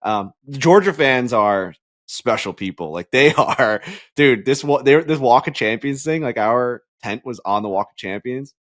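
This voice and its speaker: A young man co-hosting a podcast, talking in a relaxed, mid-pitched voice. He tells stories with lots of energy, swears casually and acts out the loud bits himself. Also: normal speed. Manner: animated storyteller, swears, acts out barking roars. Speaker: podcast co-host. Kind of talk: casual chat.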